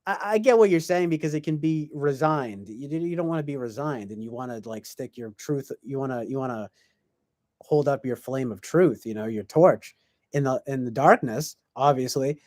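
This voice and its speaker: A man's voice: mid-range voice, normal speed, darkish tone, no room sound, clean studio sound. A man hosting a podcast, talking in a casual, rambling way with lots of fillers and restarts. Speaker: podcast host.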